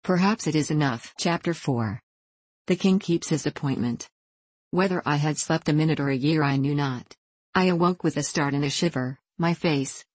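A woman reads a classic adventure novel aloud with a measured, storytelling delivery. Her voice sits low. The sound is dry and close, with no room around it. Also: a little mellow, dry recording. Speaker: audiobook narrator. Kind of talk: audiobook reading of a classic novel.

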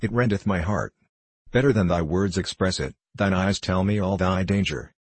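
A man voicing a solemn male sage, calm and grave, speaking archaic words slowly and evenly. The voice sits deep and carries a husky grain, close and dry with no room around it. It is a steady storybook reading. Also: dry recording. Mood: gentle counsel. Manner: measured, unhurried reading of archaic speech.

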